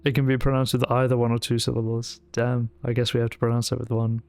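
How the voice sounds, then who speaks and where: A man's voice: mid-range voice, level tone, fast talker, a little mellow, soft background music. A man playing a tabletop game on stream, reading notices aloud and musing to himself with chuckling asides. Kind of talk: casual streamed role-play, reading aloud.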